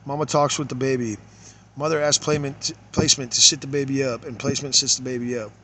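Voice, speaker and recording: A man reading case notes aloud and commenting on them, halting, with many fillers, trailing off quietly at times. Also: mid-range voice, level tone.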